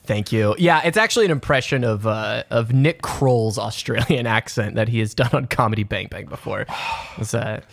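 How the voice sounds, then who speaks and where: A man's voice: on the low side, moderate pace, vocal fry, dry recording. A man in his thirties hosting a podcast, joking and self-mocking in casual chat. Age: 30s. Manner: jokey, playful, self-mocking. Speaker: podcast host.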